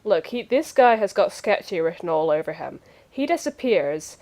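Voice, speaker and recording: A woman player in a casual tabletop game, arguing her point in a brisk, insistent way over a voice call. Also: on the low side, sing-song, darkish tone.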